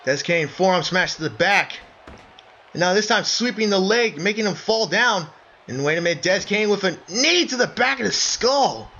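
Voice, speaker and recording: A man doing excited play-by-play wrestling commentary, breaking into shouts of surprise and calling his listeners folks. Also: high-pitched, moderate pace, gravelly. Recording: dull lo-fi recording with faint noise.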